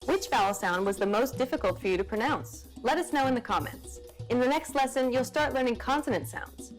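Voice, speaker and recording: Lively woman explaining pronunciation. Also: high voice, fairly quick, soft background music. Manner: clear and explanatory. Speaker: pronunciation lesson narrator. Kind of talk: scripted lesson narration.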